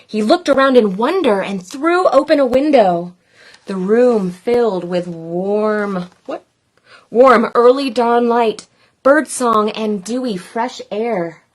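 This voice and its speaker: A woman reading a children's picture book aloud in a playful, expressive way. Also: fairly high pitch. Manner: playful, expressive, slow and deliberate. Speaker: storyteller.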